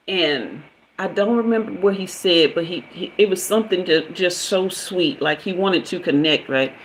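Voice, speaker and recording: A woman who hosts live streams and works as a spiritual reader tells a personal story to her viewers in a casual, chatty style. She uses lots of fillers and her voice jumps up high when she gets excited, though the recording quality is low.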